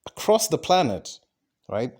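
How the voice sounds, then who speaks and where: A little slow and darkish in tone, this podcast host's slightly high voice swings widely in pitch. Talking by himself, he drifts through a profane monologue, restarting sentences, using lots of fillers, and asking "right?"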